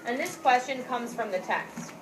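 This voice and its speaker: A woman teaching a class and reading a children's story aloud, voicing the characters with lively lifts. She is picked up from across an echoey classroom, with a faint hum of room noise behind her. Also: a little high, moderate pace, distant mic. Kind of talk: classroom lesson with read-aloud.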